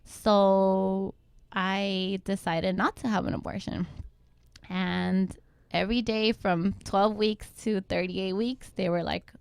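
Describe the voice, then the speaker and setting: Young woman telling her story with a gravelly edge. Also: medium pitch, fairly even intonation, darkish tone, dry recording. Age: young adult. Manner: quotes others in quick reenacted lines, many likes. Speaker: guest mother. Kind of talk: personal story in casual chat.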